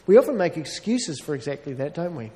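A man with a fairly high voice preaches a sermon, earnest and conversational, slipping in wry asides about himself. His voice rings out with a long reverb. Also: very animated, a little fast, mellow, slight background noise.

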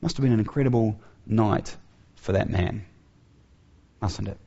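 A man's voice: on the low side, unhurried, creaky, warm tone. A man preaching an earnest sermon who asks his listeners rhetorical questions, in a dull, lo-fi recording.

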